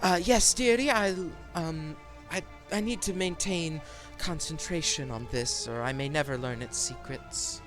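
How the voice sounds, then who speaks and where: A man voicing a mother absorbed in her spell work who talks in distracted, halting bursts and calls her child dearie. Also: fairly high pitch, over music, lightly acted. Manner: distracted, breathy pauses, calls others dearie.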